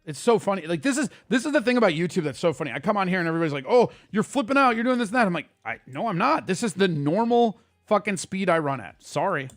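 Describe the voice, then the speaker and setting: A man hosting a casual livestream, ranting at his chat in a quick, profane and heated way. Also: high-pitched, big pitch swings, dry recording, studio quality, faint music behind. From Italian heritage. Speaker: streamer host.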